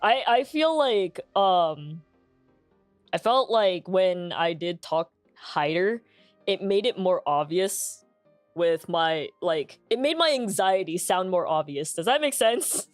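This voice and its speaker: A woman's voice: fairly low pitch, slow, dry recording, soft background music. A young adult woman streaming, chatting candidly with lots of fillers and laughs, in a full, grounded speaking voice. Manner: relaxed and candid, many fillers, laughs often. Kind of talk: casual chat stream.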